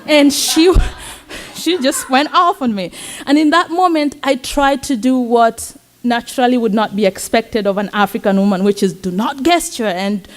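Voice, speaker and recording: A young Kenyan woman, a student, telling a personal story at a campus talk event in an earnest, warm way with soft laughs. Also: fairly high pitch, moderate pace. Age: young adult. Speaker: student speaker. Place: event stage.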